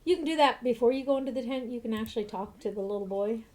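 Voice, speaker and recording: A woman's voice: on the high side, fast, a little mellow. A woman streamer chatting casually while playing a role-playing video game. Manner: chatty, self-mocking. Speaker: let's play streamer.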